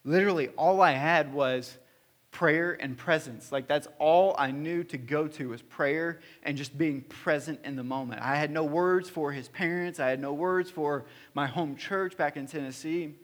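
A man's voice: a little high, normal speed. A man in his thirties, a pastor, preaching in an earnest, personal storytelling way with frequent restarts and fillers. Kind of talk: sermon storytelling. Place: church hall.

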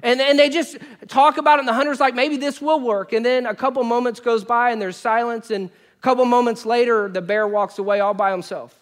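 Male pastor, high voice, lively sermon storyteller, loud-to-hushed swings. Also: a little fast, hardly any pauses. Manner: animated storytelling, wide swings between loud bursts and quiet asides.

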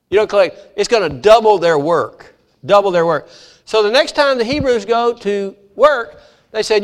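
A man preaching a sermon, retelling the story with lively acted-out voices. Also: sits high, moderate pace. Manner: animated storytelling, acting out voices of biblical figures. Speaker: pastor.

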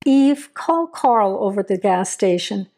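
Woman reading stern male sheriff, firm measured orders, mid pitch, storybook. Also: animated, warm tone. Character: stern, steady male small-town sheriff.

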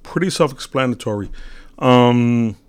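A man's voice: medium pitch, measured pace, smooth. A man giving a casual, rambling monologue on spiritual teachings, telling a parable with many fillers and restarts.

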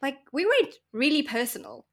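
Animated woman from Mauritius, storytelling. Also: high voice, normal speed. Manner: animated storyteller, acts out voices and laughs often. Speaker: podcast guest. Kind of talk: casual interview chat.

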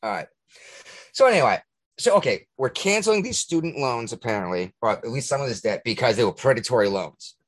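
A man hosting a podcast, ranting in casual talk, profane and indignant, with a husky voice. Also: medium pitch, big pitch swings, fairly quick. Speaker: podcast host. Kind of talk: heated casual rant.

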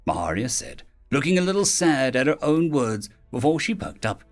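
A man narrating a fantasy web novel audiobook with expressive storytelling. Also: medium pitch, moderate pace, few pauses, faint music behind. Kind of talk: scripted narration.

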